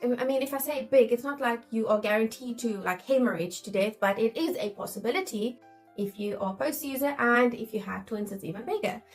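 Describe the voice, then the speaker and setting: In casual talk to camera, a woman in her thirties who works as a midwife recounts giving birth herself, openly emotional and voicing her anxious thoughts aloud. Her voice is a little high and fairly quick, with faint background music and poor audio.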